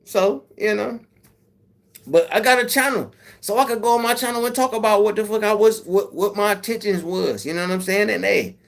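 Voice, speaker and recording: Casual male streamer, relaxed and loose, quick to laugh, answering viewers directly. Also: high-pitched, vocal fry. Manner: laid-back, swearing, laughs often. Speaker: YouTube livestream host.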